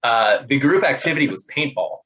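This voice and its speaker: A man in casual conversation, telling funny work stories in an animated way, laughing often, with many fillers and restarts. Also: mid-range voice, brisk, low-quality recording. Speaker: podcast guest. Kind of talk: casual storytelling.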